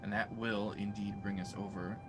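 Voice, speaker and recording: Game master, man, low voice, unhurried halting narration, music under it. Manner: relaxed, halting narration with fillers.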